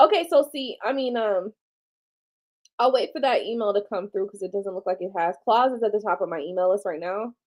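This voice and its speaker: A woman hosting a casual livestream, chatty and slangy, tired late at night, dropping to low murmurs and jumping to excited squeals. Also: fairly quick. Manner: chatty and slangy, talks to viewers as y'all. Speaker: livestream host.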